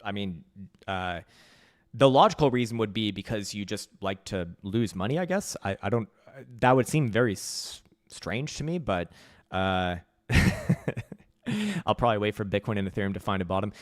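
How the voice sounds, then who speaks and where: A man's voice: on the low side, normal speed, dry recording, clean studio sound. A man hosting a crypto trading livestream. He answers viewer questions bluntly, swears freely, mocks people, and laughs often. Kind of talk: live-stream commentary reading viewer questions.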